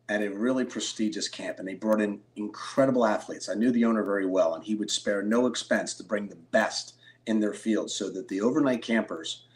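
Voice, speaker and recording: A middle-aged man from Philadelphia, a card collector and interview guest, telling stories with excited bursts. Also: lowish voice. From Philadelphia, USA. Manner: animated storyteller, excitable bursts. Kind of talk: storytelling interview.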